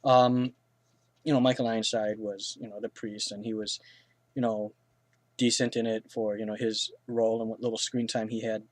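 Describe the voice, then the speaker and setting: A man's voice: lowish voice, little pitch movement, moderate pace, dry recording. A man reviewing films in casual, rambling speech, full of fillers, restarts and blunt crude remarks. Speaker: film reviewer. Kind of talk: casual spoken film review.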